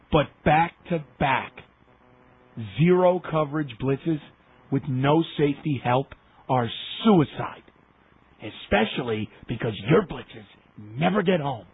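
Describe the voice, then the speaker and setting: A man's voice: fairly high pitch, slightly rough. A man delivering an impassioned, emphatic sports rant, repeating himself for effect. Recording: tinny phone line.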